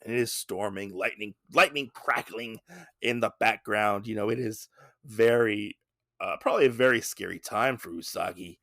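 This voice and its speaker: Male podcast host, low voice with gravel, dry close sound, loose rambling recap. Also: moderate pace, pushed and bright, no echo. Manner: rambling, with many fillers and asides. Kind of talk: casual comic book recap.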